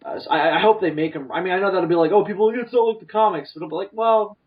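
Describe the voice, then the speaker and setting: A man co-hosting a podcast, rambling through animated opinions with lots of restarts. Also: sits high, quick pace. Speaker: podcast co-host. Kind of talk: casual chat. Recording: distant, dull lo-fi podcast mic.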